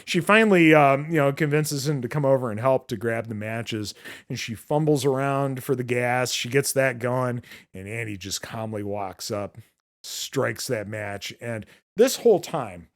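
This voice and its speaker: A podcast host recaps a film in casual chat, rambling with lots of filler words and swearing freely. He speaks unhurriedly in a mid-range voice.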